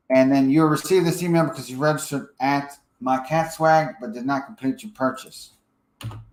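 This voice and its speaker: Casual man walking through a software tutorial. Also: mid-range voice, roomy sound, low-quality recording. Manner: casual, thinks aloud while editing, frequent fillers and "okay?" check-ins. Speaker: software trainer. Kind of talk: screen-share tutorial walkthrough.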